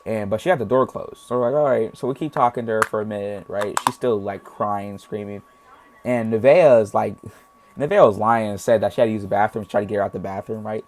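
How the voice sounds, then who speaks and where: A man's voice: on the low side, a little fast, darkish tone, slight background noise. Young male storyteller, casual and rambling, full of slang. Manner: rambling, heavy slang, acts out voices. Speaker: storytime vlogger.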